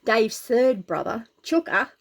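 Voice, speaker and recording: A woman with an Australian accent reading a humorous story aloud, animated and full of slang. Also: fairly high pitch, takes it slowly.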